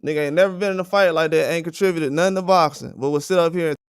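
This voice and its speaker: A man's voice: fairly high pitch, fairly even intonation, rapid-fire, clean tone, dry recording. Male livestream host, fired-up and profane, clean resonant tone with a dry close sound. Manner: blunt, profane, indignant. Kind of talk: heated livestream rant.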